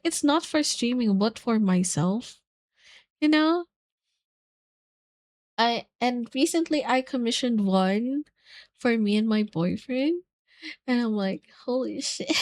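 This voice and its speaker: A young woman streams while casually chatting with friends, giggling, squealing and gushing with excitement. Her voice is a little high, she takes it slowly with long pauses, and the recording is dry.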